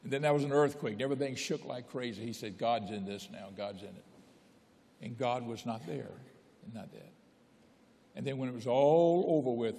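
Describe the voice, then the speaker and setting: A man's voice: medium pitch, dark tone. A man, a bishop, teaching a Sunday school lesson as a folksy Bible storyteller who rises into emphatic pleading at times. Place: church hall. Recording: long church reverb.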